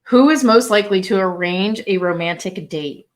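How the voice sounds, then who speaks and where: A young woman talking casually as a podcast co-host. Her voice sits at an ordinary middle pitch. She chats with a friend, laughs easily and fills her sentences with "like.". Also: moderate pace. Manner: chatty, laughs easily, says "like" often. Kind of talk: casual chat.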